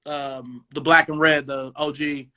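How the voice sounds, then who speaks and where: A man in his forties from Cleveland hosting a casual sneaker talk show over a video call, relaxed and rambling. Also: fairly high pitch, a little slow. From Cleveland, USA. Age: 40s. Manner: relaxed, rambling, lots of "um" and "you know". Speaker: podcast host. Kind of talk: casual chat. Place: home dining room.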